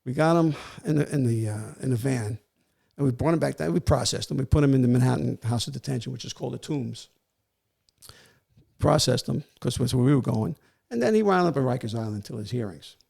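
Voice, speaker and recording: A man's voice: mid-range voice, a little fast. An older man, a retired police warrant officer telling a story in a casual interview and acting out the voices of the people in it. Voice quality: gravelly. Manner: animated, acts out quoted voices.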